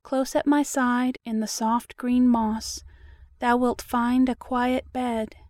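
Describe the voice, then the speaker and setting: A woman voicing a kind, gentle female clover blossom who softly welcomes a friendless worm in a storybook poem. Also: a little high, little pitch movement, slow, no echo, studio quality. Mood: tender. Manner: soft, tender, welcoming.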